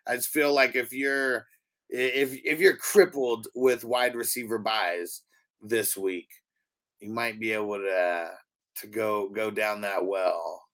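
A man's voice: fairly low pitch, slow pace. A man hosting a casual fantasy football chat, running the segment and reading roster stats. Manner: relaxed, runs the segment, reads stats. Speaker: host.

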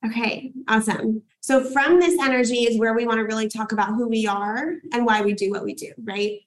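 A young woman coaching a group with a slightly high voice, bursting with enthusiasm. She cheers people on and swears casually, hyped and upbeat throughout. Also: steady tone, fairly quick, low-quality recording. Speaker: podcast coach and host. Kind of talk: live workshop hosting.

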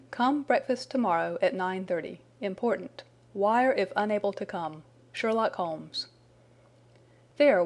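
A woman reading the part of a brilliant, confident Victorian detective, speaking crisply and precisely. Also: mid-range voice, a little mellow, natural voice.

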